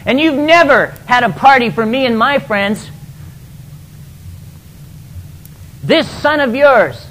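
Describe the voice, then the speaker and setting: A man's voice: high-pitched, expressive, slow, fairly bright tone, heavily acted, rough recording. A man voicing a resentful, dutiful elder son in a retold parable, complaining bitterly in his own voice.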